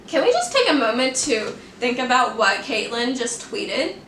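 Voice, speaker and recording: A woman's voice: on the high side, big pitch swings, normal speed, few pauses, fairly bright tone, reverberant, far from the mic, slight background noise, rough recording. A young woman vlogging about her own story, fervent and passionate, with lots of "like" fillers. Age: young adult. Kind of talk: personal storytelling vlog.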